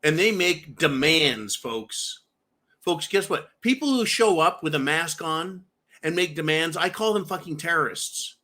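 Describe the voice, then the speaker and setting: Slightly slow and animated, a man's bright, forceful, somewhat high voice drives a furious political rant on his commentary show. He curses constantly and speaks to viewers, again and again calling them folks.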